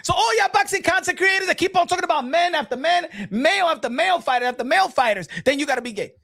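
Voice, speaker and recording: A man streaming boxing commentary, talking to his chat in an animated, teasing, repetitive way with frequent laughs. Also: very high-pitched, quick pace, gravelly.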